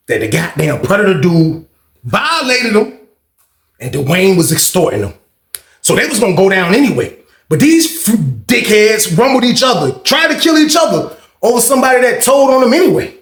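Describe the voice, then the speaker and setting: A man hosting a storytime channel, telling a prison story in a profane, excitable way and acting out the fights with sound effects. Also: a little high, gravelly. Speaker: storytime host. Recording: roomy echo.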